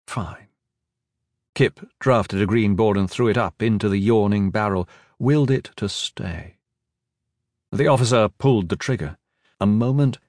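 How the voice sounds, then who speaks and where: A man's voice: mid-range voice, darkish tone, no echo, clean studio sound. A man giving an intense, dramatic fantasy audiobook narration with shifting emphasis.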